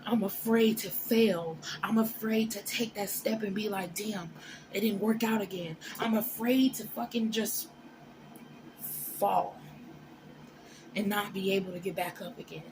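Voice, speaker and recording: A woman's voice: medium pitch, fairly even intonation, measured pace. A woman giving a casual motivational talk to camera, blunt and emphatic, with frequent cursing. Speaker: motivational vlogger. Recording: noisy background.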